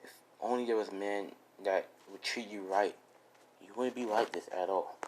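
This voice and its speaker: Izuku, tender young guy, murmured and hushed, as a man puts him on in a fan story. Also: moderate pace, background noise, close to an everyday voice. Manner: soft, low murmuring delivery. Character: gentle young man comforting a sad woman.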